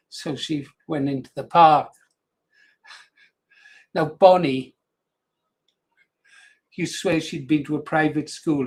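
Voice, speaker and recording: An older man hosts a radio show in a loose, wandering chat and chuckles often between his thoughts. His voice sits a little higher than most men's. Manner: rambling, anecdotal, chuckling. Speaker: radio presenter.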